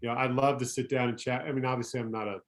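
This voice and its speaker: A man's voice: mid-range voice, level tone, racing. Man telling long stories on a podcast. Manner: rambling anecdotes with self-corrections. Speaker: guest, former pro pitcher. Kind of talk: casual storytelling chat.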